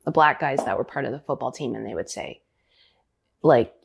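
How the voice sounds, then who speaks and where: A woman, a ballet dancer, answering interview questions in a thoughtful, halting way, often searching for words. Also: extremely low pitch, animated, gravelly, breathy edge. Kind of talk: interview conversation.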